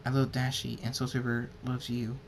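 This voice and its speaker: A man voicing a gentle, earnest male pony king in a home-read fan story, speaking softly with halting restarts. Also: mid-range voice, completely flat delivery, creaky, slight background noise, close to an everyday voice. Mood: tender.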